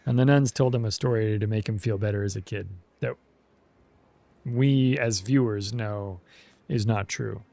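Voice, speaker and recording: A man's voice: lowish voice, steady tone, a little slow, creaky, warm tone, dry recording. A man giving casual, laid-back commentary as he plays a story game. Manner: laid-back, chatty, says dude and jeez. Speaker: let's play host.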